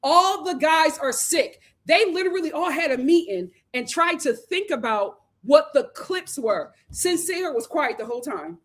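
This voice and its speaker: A woman hosting a live recap show, animated and opinionated as she gives her commentary. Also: high voice, moderate pace, hardly any pauses. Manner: animated, opinionated, acts out quotes. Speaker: host.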